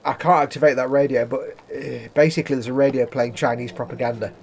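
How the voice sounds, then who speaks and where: A man's voice: medium pitch, fairly even intonation, fast, vocal fry, a little hiss or hum. A man casually commenting while streaming a video game, chatty and wry, reading chat messages aloud.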